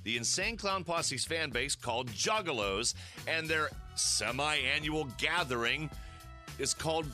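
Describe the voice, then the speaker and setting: A man's voice: on the high side, lively intonation, measured pace, bright, forceful tone, soft background music. A male host giving a chatty, upbeat introduction to a comedy story segment. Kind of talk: show introduction.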